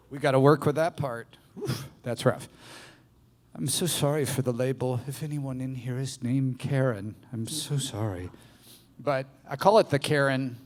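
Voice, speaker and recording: Man, playful live speaker, medium pitch, long venue reverb. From American South. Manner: playful, animated, audience-addressing. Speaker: public speaker. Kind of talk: live motivational talk. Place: live bar venue with audience.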